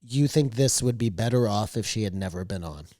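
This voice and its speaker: Man, podcast co-host, lowish voice, dry close sound, argumentative, halting. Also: animated, mellow, no echo. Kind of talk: casual chat.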